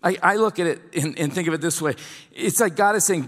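A man's voice: fairly high pitch, brisk, fairly bright tone. A male pastor preaching a sermon, retelling a scripture story in a conversational way. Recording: long hall reverb.

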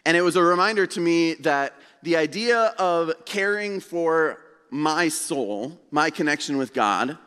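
A man preaching a sermon as pastor in a church, telling a story in a relaxed, conversational way with self-deprecating humor. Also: on the high side, measured pace, smooth. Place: church sanctuary. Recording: long hall reverb.

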